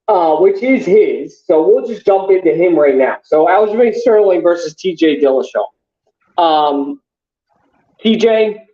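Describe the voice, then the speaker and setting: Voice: mid-range voice, dark tone, lo-fi sound. A podcast co-host in casual sports chat, ranting heatedly with lots of swearing and fillers.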